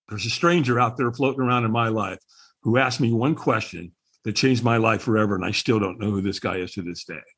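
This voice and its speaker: A man's voice: mid-range voice, a bit bright, slightly rough. A man who is a podcast guest, telling a story with lots of energy and acting out the people he quotes. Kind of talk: animated storytelling.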